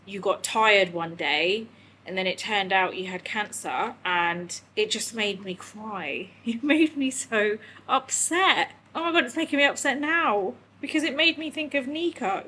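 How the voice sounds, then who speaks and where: A woman's voice: medium pitch, expressive, a little slow, pushed and bright, slight background noise, rough recording. Emotional young woman vlogging candidly. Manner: emotional, rambling, talks to her dog. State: tearful. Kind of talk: candid vlog chat.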